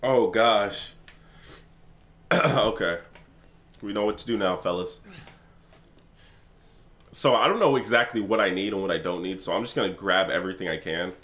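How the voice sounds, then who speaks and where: A man giving excitable let's play commentary for his gaming channel, swearing freely as he plays. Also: lowish voice, unhurried, long pauses.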